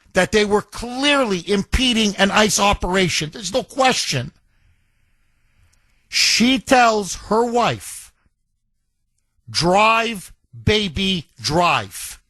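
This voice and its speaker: High-voiced indignant talk radio host man. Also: bright, forceful tone, dry recording. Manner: indignant, emphatic, repeats phrases for effect.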